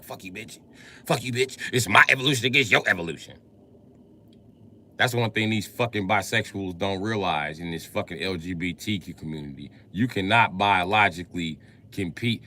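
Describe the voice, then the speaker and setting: A man talking alone on his livestream in a profane rant, swinging from low muttering to loud shouting. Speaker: livestream host. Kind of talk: livestream monologue.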